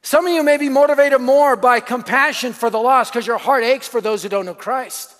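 A middle-aged pastor delivers a sermon, his voice sitting unusually high for a man. He tells stories with energy, shouting some lines and dropping to near-whispers on others. His voice carries a long hall reverb. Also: normal speed. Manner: energetic storytelling preacher, swinging from shouts to hushed asides.

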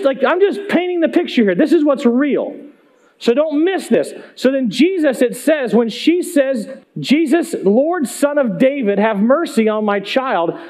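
A high-voiced male pastor preaches in a loose, conversational way. He stays animated and keeps drawing the congregation in with questions. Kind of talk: sermon.

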